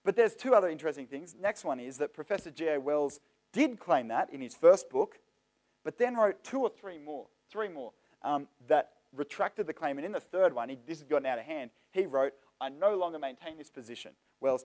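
A young man giving a lively, joking talk to a youth audience, addressing the crowd directly. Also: on the high side. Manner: chatty and joking, talks straight to the audience. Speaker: youth seminar speaker.

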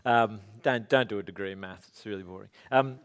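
A man's voice: fairly low pitch, fairly quick. A man giving a conversational sermon as pastor, chatty and rambling with self-deprecating asides.

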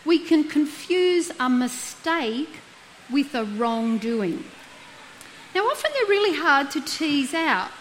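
A middle-aged woman speaks as a counsellor, with a fairly high voice. She talks earnestly, asking her listeners questions and walking them through everyday examples. A faint hiss sits under her voice. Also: fairly bright tone, low-quality recording. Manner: earnest, uses rhetorical questions and acted examples. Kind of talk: reflective talk on guilt.

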